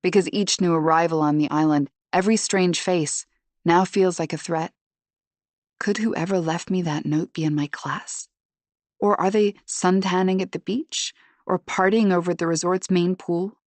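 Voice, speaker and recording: A woman reads a first-person suspense audiobook in a low, measured voice. She sounds tense and subdued throughout. The recording is close and dry, with no room sound. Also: steady tone, no room sound. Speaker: audiobook narrator.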